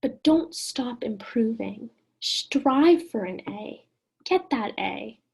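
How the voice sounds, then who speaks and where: A woman teaching an online lesson in a gentle, encouraging way, often putting questions to the listener. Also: a little high, expressive, slow, gravelly, slightly rough.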